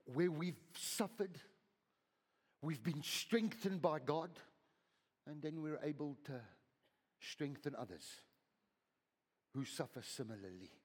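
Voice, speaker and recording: Husky pastor preaching in a hall. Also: male voice, expressive, slow pace, long pauses. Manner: swings from loud, high exhortation to hushed whispers, repeating words. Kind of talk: sermon. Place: church hall. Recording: long hall reverb.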